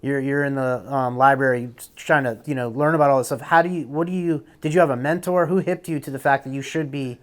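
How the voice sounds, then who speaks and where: A man's voice: mid-range voice, fairly even intonation, fast talker, few pauses. A young man, a military veteran, talking as a podcast guest in a candid, rambling, casual way and swearing now and then. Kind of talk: casual conversation.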